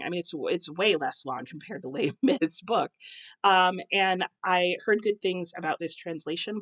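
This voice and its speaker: A young American woman chatting casually to camera about books at home, with many ums and self-corrections. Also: on the low side. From United States. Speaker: booktuber. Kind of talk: casual book chat to camera. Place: home, husband cooking nearby.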